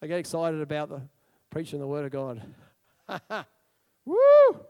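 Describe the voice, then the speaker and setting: A man preaching a sermon in a loud, excitable and emphatic way. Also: a little high, quick pace, clear, resonant tone.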